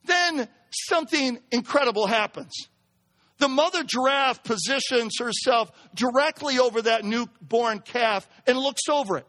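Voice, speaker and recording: A pastor preaching a sermon, building to emphatic near-shouts as he drives his points home. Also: measured pace. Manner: reads a poem in a hushed lower voice.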